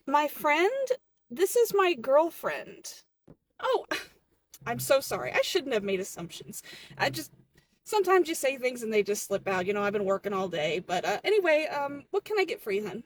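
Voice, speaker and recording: A woman's voice: high voice, lively intonation, normal speed, slight background noise. A woman acting out a comedy skit at a coffee counter, flustered and indignant by turns. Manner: playing barista and customers, flustered and indignant.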